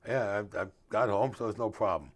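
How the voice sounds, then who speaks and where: Brisk and on the low side, this older man's voice carries streetwise tales told during a casual interview. He's the author and guest, acting out each bit of dialogue and skipping over proper grammar.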